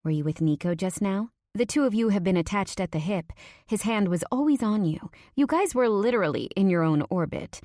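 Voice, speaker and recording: A woman voicing an excited young female best friend who talks in a playful, gossipy way. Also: medium pitch, a little fast, dry recording, studio quality, pitched above the performer's own voice, lightly acted. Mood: teasing.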